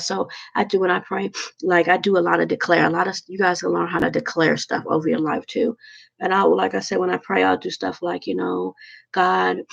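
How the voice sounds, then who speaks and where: A woman talking to her viewers in a rambling, halting, heartfelt way about prayer and loneliness. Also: fairly low pitch, vocal fry, breathy edge, muffled recording. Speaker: vlogger. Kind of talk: casual heartfelt monologue.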